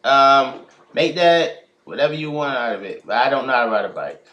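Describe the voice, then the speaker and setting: A teenage man from the United States, reading out questions and answering them in a casual vlog, pausing often to think. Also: medium pitch, expressive, sharp tone, lo-fi sound. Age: teens. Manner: reads each question aloud, then answers with frequent hesitations. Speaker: YouTuber.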